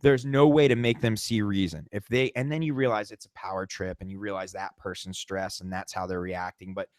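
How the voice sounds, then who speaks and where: A man's voice: deep voice, fairly quick, dry recording, clean studio sound. A man co-hosting a podcast, telling a tour story in casual chat, swearing a lot and acting out what people said. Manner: animated, swears a lot, acts out quotes. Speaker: podcast co-host.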